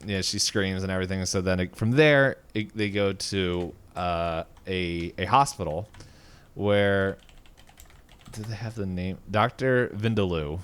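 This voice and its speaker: Low, smooth-voiced man recapping casually. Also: a little slow, a bit bright. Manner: rambling with many fillers and frequent chuckles. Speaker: podcast co-host.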